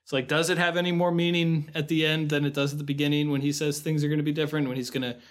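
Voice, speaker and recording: A man's voice: a little high, level tone, very fast. A man co-hosting a podcast, chatting casually about a film and thinking aloud with restarts and fillers. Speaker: podcast co-host.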